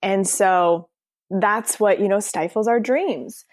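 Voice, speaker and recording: A woman's voice: mid-range voice, slow, no room sound. A woman in her thirties, an author being interviewed on a podcast, talking casually and acting out her inner voices as quoted dialogue.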